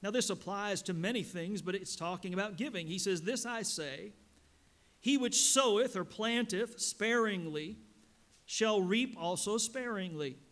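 A man preaching a sermon as a pastor in a church, reading scripture slowly and rising with emphasis. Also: high voice, a bit bright. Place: church sanctuary.

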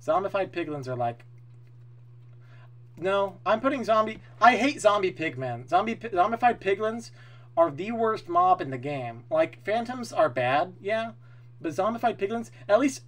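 A man streaming live, chatting casually with his viewers, excitable and opinionated, swearing freely as he talks. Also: sits high.

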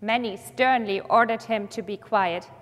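A woman's voice: medium pitch, a little slow, fairly bright tone. Woman reading scripture in reverberant church. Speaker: Gospel reader. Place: church sanctuary. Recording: long church hall reverb.

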